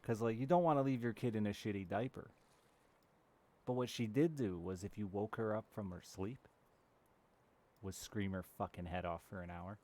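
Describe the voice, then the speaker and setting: A man in his thirties with a dark, lowish voice chats with live viewers while streaming a game, speaking candidly and now and then swearing. His speed is normal, but he pauses often.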